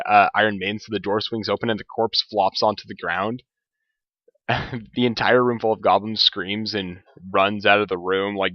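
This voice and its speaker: A man's voice: lowish voice, no room sound. A man casually recapping a tabletop game session, rambling with lots of filler words and restarts. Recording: dull lo-fi home recording.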